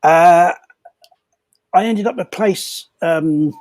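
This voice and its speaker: An older man tells a funny anecdote at a comedy fundraiser, halting and repeating words and chuckling as he goes. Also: high voice, a little mellow, no room sound, studio quality. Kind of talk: comic anecdote telling.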